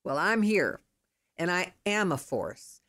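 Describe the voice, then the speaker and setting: A woman in her fifties hosting a podcast, talking in an excitable, rambling, emphatic way as she gives motivational advice. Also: lowish voice, slow pace. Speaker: podcast host.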